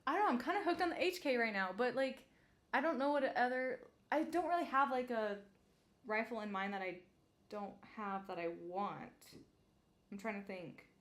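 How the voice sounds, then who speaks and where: A woman's voice: a little high, normal speed. A young woman hosting a casual chat, hesitant and full of fillers, often laughing. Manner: giggly, hesitant, lots of fillers. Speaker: channel host.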